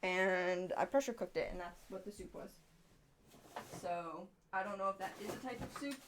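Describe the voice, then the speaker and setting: A woman's voice: medium pitch, moderate pace, noisy background. A woman streamer chatting casually and bluntly while she crafts, rambling with some swearing. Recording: voice a bit off-mic.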